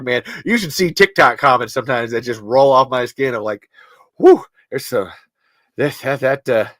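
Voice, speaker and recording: Candid trans podcast host, halting, dry mic. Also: medium pitch, a bit bright, no room sound. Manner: halting, personal, emotional. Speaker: podcast host reading live chat comments. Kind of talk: casual livestream chat.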